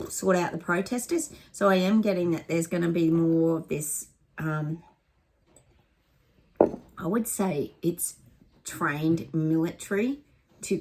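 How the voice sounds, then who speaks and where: A woman's voice: deep voice, a little mellow. A woman giving a rambling psychic reading to camera, with lots of ums and restarts.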